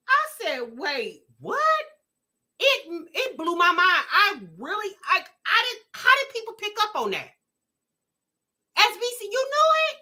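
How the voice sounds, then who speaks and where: A woman hosting a reaction vlog, talking to her live chat with a high, bright and very ringing voice. She is animated and exclamatory, swinging her pitch widely and stumbling through restarts as she reacts. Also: unhurried. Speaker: vlog host reacting to a video.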